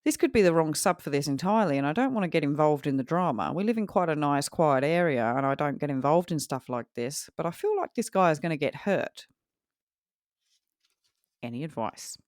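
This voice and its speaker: A woman's voice: low voice, expressive, brisk, darkish tone, dry recording, clean studio sound. A woman reading out a worried Australian man's story in a put-on Australian accent that drifts toward Kiwi, earnest and storytelling. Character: Australian man asking neighbour advice.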